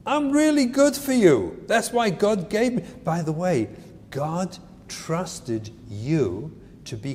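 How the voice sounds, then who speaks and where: Guy doing a kid answering his parent, kind of pleading, high lively voice, echoey hall. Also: exaggerated voice. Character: grown child speaking back to a parent, calm. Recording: echoey hall, faint noise.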